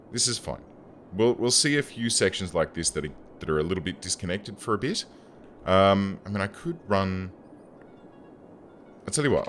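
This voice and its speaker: A man's voice: low-pitched, a little hiss or hum. A young man, an engineer and gaming YouTuber, rambles casually and self-deprecatingly while building a city in a game. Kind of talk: casual gameplay commentary.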